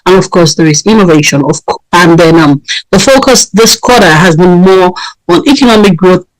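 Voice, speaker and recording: A woman's voice: on the low side, normal speed, dry recording, poor audio. A woman hosting a radio talk show, delivering a solo monologue emphatically with frequent fillers, repeated points and tag questions. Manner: repetitive, emphatic, with frequent fillers and "right?" tags.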